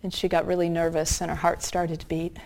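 A woman preaching a sermon, telling a story earnestly and slowing down to stress key points. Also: fairly low pitch, monotone, creaky, a little mellow. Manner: earnest, slows down for emphasis.

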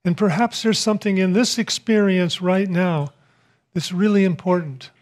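A man voicing a wise, calm male panda in a spoken parable, talking gently and patiently. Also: high-pitched, normal speed, lightly acted. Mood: soothing.

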